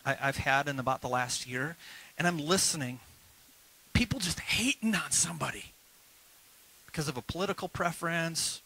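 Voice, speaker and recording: A male pastor preaching a lively sermon at a church service, urging the congregation to repeat phrases after him. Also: a little high, low-quality recording.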